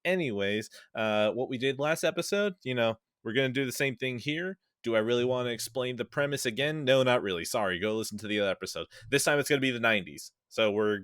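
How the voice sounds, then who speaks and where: A man's voice: mid-range voice, fast, hardly any pauses, a bit bright, no room sound, studio quality. Rambling casual man hosting a podcast. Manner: rambling and self-correcting, swears casually. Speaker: podcast host.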